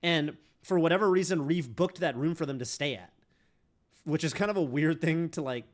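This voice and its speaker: A man's voice: fairly high pitch, moderate pace. A man streaming a game, chatting casually in a rambling way full of fillers and restarts. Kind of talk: casual chat while streaming.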